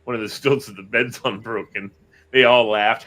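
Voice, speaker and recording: Bright-voiced man telling animated stories. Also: medium pitch, moderate pace. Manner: animated storyteller, acts out quotes. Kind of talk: casual chat, storytelling.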